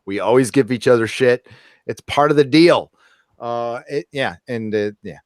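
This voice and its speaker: A man's voice: medium pitch, moderate pace, darkish tone, dry recording, clean studio sound. A man hosting a casual live-stream podcast, chatty, laughing often and swearing casually. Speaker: podcast host.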